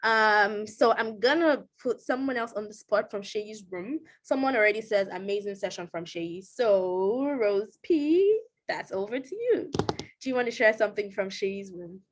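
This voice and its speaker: A woman's voice: mid-range voice, expressive, moderate pace. Upbeat woman hosting a panel. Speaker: panel host. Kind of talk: casual panel moderation.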